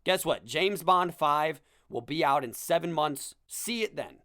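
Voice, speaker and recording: A man's voice: fairly high pitch, lively intonation, a little slow, sharp tone, no echo, clean studio sound. A young man hosting a podcast, delivering a sarcastic comedic rant with self-deprecating asides. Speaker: podcast host. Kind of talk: comedic monologue.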